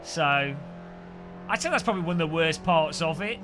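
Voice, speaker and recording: A man's voice: on the high side, lively intonation, normal speed. A man with a Midlands accent chatting and joking on a live stream while racing. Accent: English Midlands. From English Midlands. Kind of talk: live gaming commentary. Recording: noisy with race car sounds.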